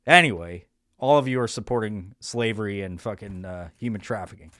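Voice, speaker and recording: A man's voice: lowish voice, fairly quick, a bit bright, dry recording. Crude rambling male podcast host. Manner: rambling, crude, sarcastic, with many restarts. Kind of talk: profane comedic monologue.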